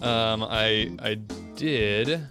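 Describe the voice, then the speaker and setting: A man's voice: lowish voice, drawn-out words, over music. A man hosting a podcast in casual chat, rambling and self-deprecating, with many fillers and laughs. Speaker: podcast host.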